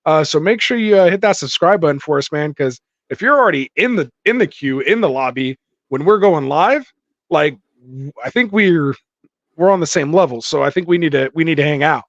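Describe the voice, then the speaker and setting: A man's voice: fairly high pitch, expressive, a little fast, fairly bright tone, no room sound. A man hosting a live fantasy football stream, chatting casually with viewers and reading their comments aloud with lots of fillers. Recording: dull dry lo-fi mic.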